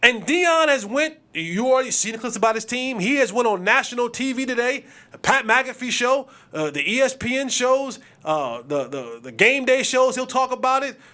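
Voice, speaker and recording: A man's voice: extremely high pitch, sing-song, moderate pace, hardly any pauses, bright, forceful tone. A man hosting a sports podcast, talking emphatically with repetition and slang. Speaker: podcast host.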